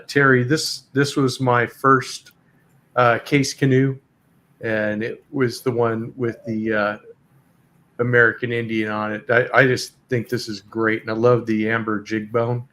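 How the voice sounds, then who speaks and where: A man's voice: mid-range voice, steady tone, measured pace, fairly bright tone. A man hosting a casual live chat, easygoing and hesitant with lots of fillers. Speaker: host.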